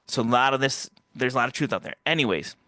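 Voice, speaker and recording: Bright-voiced man telling a rambling story. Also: fast, no echo, clean studio sound. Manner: rambling, acts out quoted voices with big pitch jumps. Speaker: interview guest. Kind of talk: casual personal storytelling.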